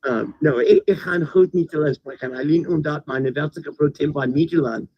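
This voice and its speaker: An American man, a guest in a casual conversation, speaks haltingly, repeating words as he starts his sentences. His voice is on the high side with a breathy edge, captured as a dull lo-fi recording with no room sound.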